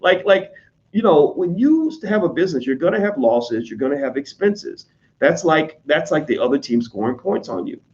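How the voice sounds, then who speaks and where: A man with an American accent talking casually to his audience, blunt and profane, slipping into quick mimicry of other people. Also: a little high, sing-song, a little mellow, muffled recording. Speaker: online commentator on business. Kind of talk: casual unscripted monologue.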